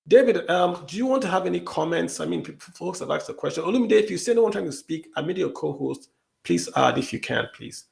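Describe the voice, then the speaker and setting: A man's voice: on the high side, lively intonation, moderate pace, creaky. A Nigerian man hosting an online audio discussion, talking emphatically with pleading rhetorical questions and sounding emotional. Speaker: podcast host.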